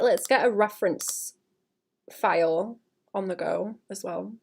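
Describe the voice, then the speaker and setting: A young woman chatting casually to her stream as she draws, muttering to herself and often clearing her throat. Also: medium pitch, unhurried. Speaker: artist livestreaming. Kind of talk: casual streaming chat while drawing.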